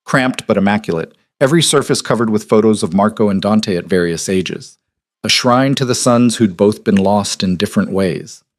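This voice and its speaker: Male narrator, low voice, even measured storytelling, dry close sound. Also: no room sound.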